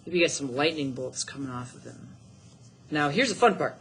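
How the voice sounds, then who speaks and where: A man's voice: mid-range voice, expressive, fairly quick, vocal fry, pushed and bright, a little hiss or hum. A middle-aged man teaching a drawing lesson, upbeat and encouraging, thinking aloud as he works. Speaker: art teacher.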